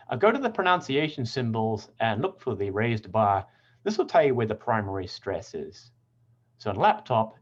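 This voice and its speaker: A man teaching English pronunciation in a scripted lesson, speaking clearly and deliberately and stressing example words. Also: mid-range voice, highs cut off.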